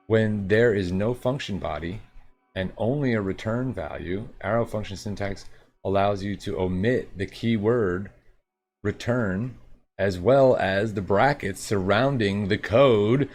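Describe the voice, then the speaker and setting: A fairly low-voiced man talks through coding exercises on a live stream, reading each instruction aloud and riffing on it. He hams it up with a put-on New York twang, little sound effects and jokey remarks, and faint music plays behind him. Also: unhurried, a little mellow. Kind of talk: casual live-coding commentary.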